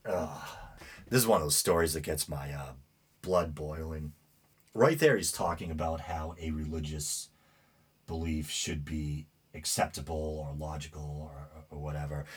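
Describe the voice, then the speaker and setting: A man's voice: a bass voice, husky. A man with a New England accent hosting a show, reading news stories aloud with many fillers and rambling, indignant asides. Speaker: podcast host. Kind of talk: casual commentary reading news.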